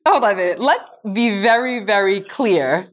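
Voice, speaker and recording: A woman's voice: mid-range voice, expressive, moderate pace. A woman co-hosting a podcast, chatting casually, teasing and playfully scolding her partner. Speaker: podcast co-host. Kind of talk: casual chat.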